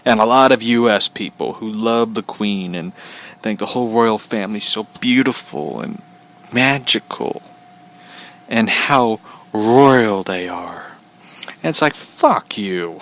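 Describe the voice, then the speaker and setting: A man's voice: on the low side, animated, slow, fairly bright tone. A man from Missouri hosting a podcast, ranting casually in a blunt, profane, rambling way. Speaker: podcast host. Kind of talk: casual rant.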